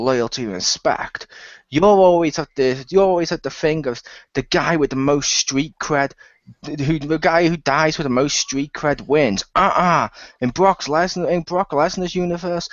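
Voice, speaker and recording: A man's voice: on the high side, no room sound. A man co-hosting a wrestling chat, giving blunt and opinionated takes. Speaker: podcast co-host. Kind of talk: casual opinionated commentary. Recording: dull dry lo-fi audio.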